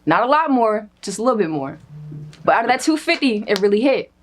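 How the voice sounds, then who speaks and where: A young woman telling a comedic personal story in a casual, animated way, cursing freely and acting out what others said. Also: a little high, a little fast. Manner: animated, profane, acts out quoted voices. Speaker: storyteller guest.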